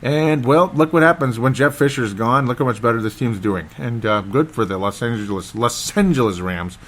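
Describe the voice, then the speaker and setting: Rambling, excitable football podcast man. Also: medium pitch, normal speed. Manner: rambling, excitable, loses his train of thought. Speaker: sports podcast host. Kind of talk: casual football recap.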